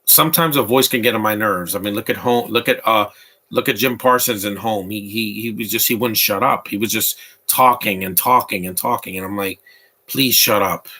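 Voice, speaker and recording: Opinionated man with a low, forceful voice. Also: breathy edge. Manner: rambling, opinionated, answers chat. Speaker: live watch-along commentator. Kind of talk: casual live movie commentary.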